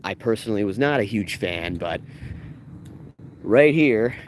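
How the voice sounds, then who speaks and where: Excitable man vlogging on a street walk. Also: lowish voice, unhurried, a little hiss or hum. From Canada. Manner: excitable, jokey, talks to viewers while walking. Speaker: vlogger giving a filming-location walking tour. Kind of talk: casual live-stream walking tour. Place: outdoors on a residential street.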